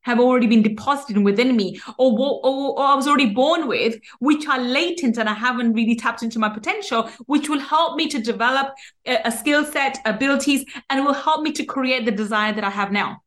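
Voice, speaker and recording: A woman's voice: high-pitched, a little fast, a bit bright. A woman hosting a podcast, giving an earnest motivational monologue with many restarts and fillers. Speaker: podcast host.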